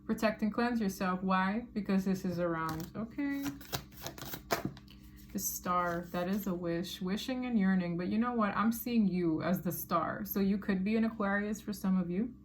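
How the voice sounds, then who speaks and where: A woman's voice: medium pitch, moderate pace, slight background noise. A woman giving a casual tarot reading to her viewers, chatty and emphatic, with slangy asides. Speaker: tarot reader.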